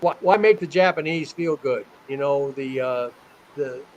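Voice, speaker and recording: A man's voice: mid-range voice, unhurried, a little mellow, dull audio. An older man, a scientist guest, talking casually in an interview and telling a rambling joke with many repeated words.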